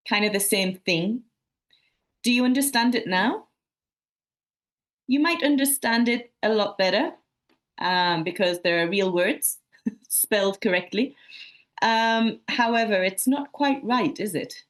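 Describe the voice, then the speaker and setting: A woman's voice: mid-range voice, a little slow, pauses often, fairly bright tone. A woman from Sunderland, giving an academic presentation at a conference in a friendly manner, often repeating herself and using fillers like "um.". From Sunderland, England.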